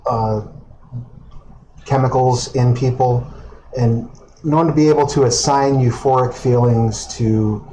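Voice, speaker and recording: A man playing in a tabletop role-playing game, talking in a laid-back, halting way with easy chuckles. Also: medium pitch, steady tone, mellow, slight background noise, low-quality recording. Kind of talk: casual in-character game talk.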